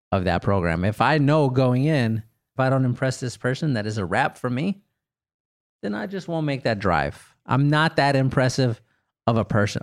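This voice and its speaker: A man's voice: mid-range voice, dry recording, studio quality. A man hosting a comedy podcast, answering listener questions in a loose, joking storytelling manner. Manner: animated storyteller, quick bursts of laughter, jokey. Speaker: podcast host. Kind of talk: casual comedic Q&A.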